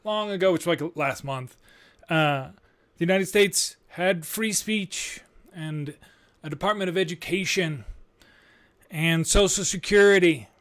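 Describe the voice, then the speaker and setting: Guy in his 30s ranting on his podcast, sarcastic, cusses a lot, smooth clear voice kinda on the higher side. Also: slow, pauses often, dry recording. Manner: animated, sarcastic, swears when riled. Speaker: podcast host.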